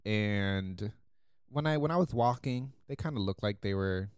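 Low-ish guy telling a story on a podcast, laughs a lot, does little voices, dry close mic. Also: measured pace, smooth, no echo. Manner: animated, laughs often, acts out quoted voices. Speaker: podcast co-host. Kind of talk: casual storytelling chat.

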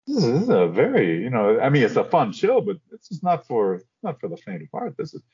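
An older man, a guest actor, telling stories from his career in an animated way and acting out the quotes. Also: medium pitch, brisk, slightly rough, dull audio. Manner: animated storyteller, acts out quotes. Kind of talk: casual storytelling interview.

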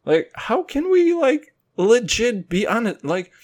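A young man hosting his podcast in a rambling, profane monologue, swinging between loud and quiet. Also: extremely high pitch, very animated, measured pace. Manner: rambling, swearing, jumps between loud and quiet, mock voices and singing. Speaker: podcast host.

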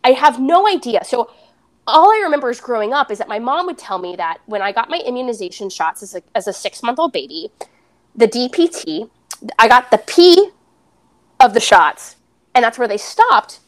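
A woman's voice: on the high side, very animated, normal speed. A young adult woman, a podcast guest, candidly retelling a personal story and acting out the dialogue.

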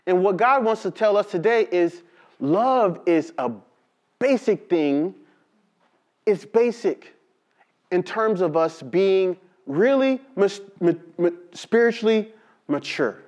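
A man preaching a sermon, reading scripture slowly and telling lively stories with call-and-response. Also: sits high. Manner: animated storytelling with call-and-response to the congregation; slow, drawn-out emphasis on scripture. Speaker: pastor.

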